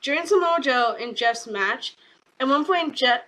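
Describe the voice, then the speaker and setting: Bright-voiced young woman with a cold. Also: high-pitched, unhurried, poor audio. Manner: chatty, fills with "like", retells scenes with excitement. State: getting over a cold. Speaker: wrestling show reviewer. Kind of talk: casual recap vlog.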